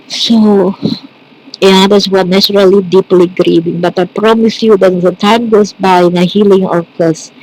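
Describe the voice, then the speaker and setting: A woman speaking unhurriedly in a personal storytelling monologue, her sentences starting and stopping as she gathers her thoughts. Her tone is earnest and tender, and her pitch stays in a middle range. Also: darkish tone, rough recording. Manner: halting, reflective, frequent restarts. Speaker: spiritual speaker.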